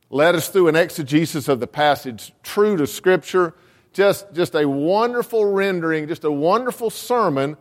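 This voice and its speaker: A man's voice: high-pitched, long reverb tail. A man who is a pastor, preaching a storytelling sermon and repeating words as he restarts his sentences.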